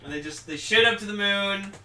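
Excitable young man in an echoey room. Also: sits high, brisk, recorded from a distance. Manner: excitable, lots of fillers, acts out quotes loudly. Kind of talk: casual podcast chat. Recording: echoey room, a little off mic.

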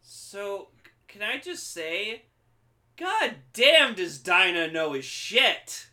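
A man in casual chat, excitable and profane, acting out scenes from shows in loud put-on voices. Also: sits high, slow, a crowd in the background.

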